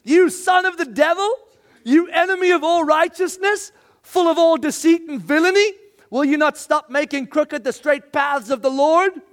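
A fiery male apostle pronounces a curse, as a preacher puts him on, his voice pitched up high and booming with force. He denounces rather than speaks. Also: normal speed. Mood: thundering.

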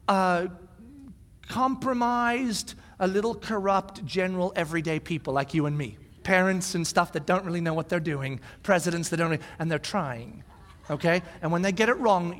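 A man in his forties, a pastor, preaching a sermon with animated storytelling. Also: high voice. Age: 40s. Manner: animated storytelling, acts out shouted quotes. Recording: long hall reverb.

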